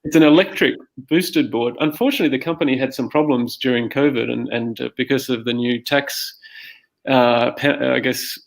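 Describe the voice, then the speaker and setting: A man hosting a podcast, chatting casually and relaxed, with many "um" and "uh" fillers. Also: medium pitch, normal speed, vocal fry, low-quality recording. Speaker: podcast host. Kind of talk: casual interview chat.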